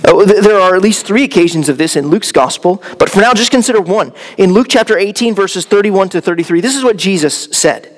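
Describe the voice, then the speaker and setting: A man with a high voice preaches an earnest expository sermon, now and then stumbling and restarting as he explains. His voice carries a long reverb from the church hall around him. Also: lively intonation, fairly quick, hardly any pauses. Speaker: pastor.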